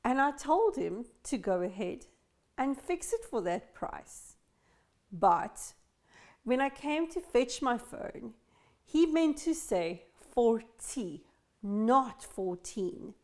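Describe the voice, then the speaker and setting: A woman teaching an English lesson to learners, speaking slowly and carefully and stressing each sound clearly. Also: fairly high pitch, very animated, darkish tone.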